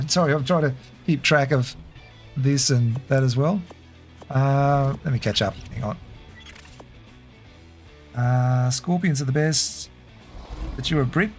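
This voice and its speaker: A man's voice: medium pitch, slow pace, pauses often, faint music behind. A man casually commentating a game live, chatty and laughing easily while reading his chat. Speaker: game streamer.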